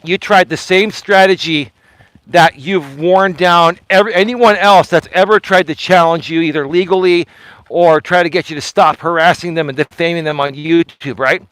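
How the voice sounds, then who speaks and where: A man livestreaming while he walks outside, filming himself with a phone on a selfie stick. His voice sits high, and the sound is dry and close with no room around it. He speaks with insistent emphasis and keeps circling back to repeat his points. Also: normal speed, a bit bright, clear, resonant tone, dry recording, low-quality recording. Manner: emphatic, repetitive, addressing someone directly. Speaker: vlogger host. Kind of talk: live-streamed walking vlog. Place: outdoors, walking in the cold.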